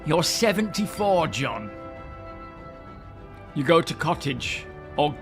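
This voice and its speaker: A man's voice: on the high side, very animated, slow, gravelly, over music. A man, casually chatting with live-stream viewers and greeting them by name. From England. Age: 30s. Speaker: game streamer reading live chat.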